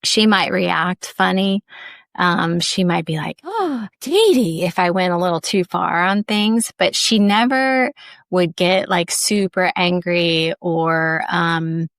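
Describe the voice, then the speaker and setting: A woman podcast host tells personal stories in a candid, reflective way. Her voice sits a little low, and she often says "like" and laughs softly. The sound is close and dry. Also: steady tone, takes it slowly, creaky, clear, resonant tone, no room sound. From Ohio, USA. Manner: candid, soft, with frequent "like" and light laughs.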